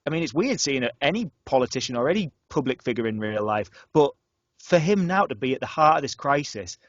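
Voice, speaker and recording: A young man from the north of England, co-hosting a casual student radio podcast and telling stories with lots of restarts and sudden jumps in pitch. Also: a little fast, dry recording, lo-fi sound. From North Yorkshire, England. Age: young adult. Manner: animated storyteller, restarts and stammers, lively pitch jumps. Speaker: podcast co-host.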